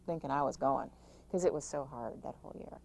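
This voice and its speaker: A middle-aged woman, an author, giving emphatic, rapid-fire caregiving advice in an interview, with frequent restarts. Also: very deep voice, creaky, darkish tone, slight background noise, rough recording. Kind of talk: interview answers.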